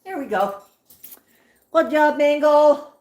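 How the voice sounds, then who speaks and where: A woman cooing at her pet birds in a high, lively voice that swoops up and down. She talks slowly and dotes on them. The room is echoey, with clear noise behind her. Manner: doting, baby-talk to birds. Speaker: pet parrot owner. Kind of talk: casual talk to pet birds.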